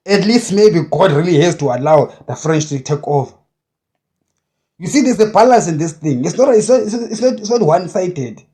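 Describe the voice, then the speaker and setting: A man, a self-described prophet, preaching in a forceful, repetitive way that hammers short phrases again and again. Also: high voice, animated, brisk. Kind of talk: impassioned preaching monologue.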